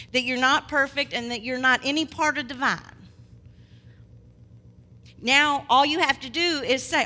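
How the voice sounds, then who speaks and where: A woman preacher delivering a sermon, swinging between loud proclamation and quiet asides. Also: high voice. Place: church hall. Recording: long hall reverb.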